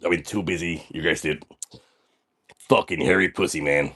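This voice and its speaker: A man's voice: extremely low pitch, moderate pace, fairly bright tone, breathy edge, full character voice. A man playing a crude, boastful party dude on a comedy livestream, swaggering and tacking "man" onto almost every sentence. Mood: brash. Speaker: livestream character host. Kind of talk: comedic livestream persona reading chat.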